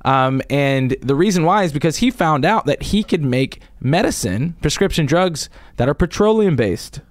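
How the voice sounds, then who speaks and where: A man's voice: a little high, lively intonation, moderate pace, no echo, studio quality. A man hosting a casual political commentary show, rambling with many restarts and frequent chuckles. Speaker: show host presenting a topic.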